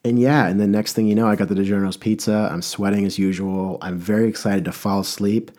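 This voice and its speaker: A man's voice: on the low side, fairly even intonation, fairly quick, mellow. Rambling man hosting a solo podcast. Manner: rambling, self-mocking, with many restarts. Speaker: podcast host. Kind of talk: casual solo podcast monologue.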